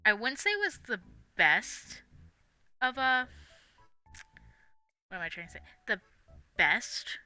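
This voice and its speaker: A woman's voice: fairly high pitch, sing-song, slow pace, pauses often, sharp tone, smooth, no room sound, soft background music. A young woman live-streaming, chatting casually in a rambling, giggly way with lots of fillers. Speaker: livestream host.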